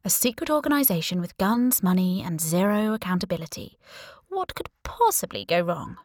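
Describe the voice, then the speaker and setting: A woman narrates a first-person thriller audiobook with wry, even storytelling. Her voice sits low, and the studio sound is close and dry with no room around it. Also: moderate pace, no room sound.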